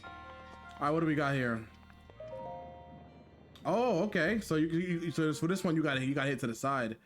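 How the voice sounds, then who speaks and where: A man streaming a game live, talking to his chat in a jokey, excitable way and repeating himself when flustered. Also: a little high, moderate pace, soft background music. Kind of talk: live gameplay commentary.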